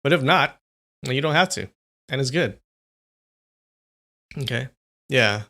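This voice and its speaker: A man's voice: mid-range voice, expressive, slow pace, gravelly, bright, forceful tone. A young man chatting casually on a live stream, rambling and answering viewers' comments.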